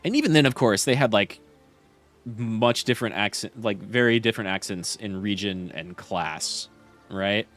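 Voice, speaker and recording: A man's voice: on the low side, moderate pace, a bit bright, soft background music. A young man streaming a game and chatting casually, rambling with lots of fillers and restarts.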